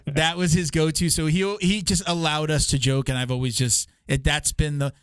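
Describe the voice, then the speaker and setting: Older guy hosting a podcast, goes off on tangents, smooth clear voice. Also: on the high side, steady tone, moderate pace, fairly bright tone, no room sound. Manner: rambling, jokey, goes off on tangents. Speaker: podcast host. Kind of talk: casual podcast chat.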